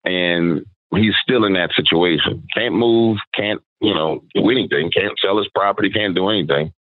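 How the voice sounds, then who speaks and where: Man, very deep, dry phone-line sound, relaxed storyteller. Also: normal speed, dry recording. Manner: conversational, quotes people in his story. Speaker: podcast guest, paranormal storyteller. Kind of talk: casual storytelling.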